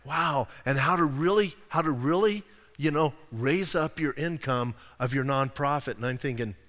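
Pastor with a raised voice, hall reverb. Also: male voice, a little high, normal speed, fairly bright tone. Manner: conversational, with rhetorical asides; acts out quoted voices. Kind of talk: sermon.

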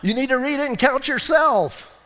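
A man preaching in a church, his voice pitched high and carried by a long reverb off the hall. He talks casually and jokes, often asking his listeners questions as he goes. The tone is relaxed and chatty rather than formal. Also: normal speed. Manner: casual, joking, asks the congregation questions. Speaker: pastor. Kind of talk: sermon. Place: church sanctuary.

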